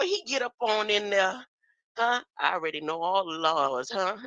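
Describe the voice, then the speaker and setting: Animated, bright woman talking to viewers. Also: medium pitch, moderate pace, dry recording, faint music behind, low-quality recording. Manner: animated, rhetorical "huh?" asides, laughs often. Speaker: streamer commenting on videos. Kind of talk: casual commentary.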